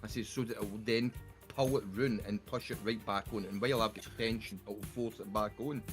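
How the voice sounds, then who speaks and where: A Scottish man with a low, steady voice talks quickly while streaming a game, spinning a rambling, swear-laden story for friends on a voice call. Soft music plays in the background, and he's on a desktop mic in voice chat.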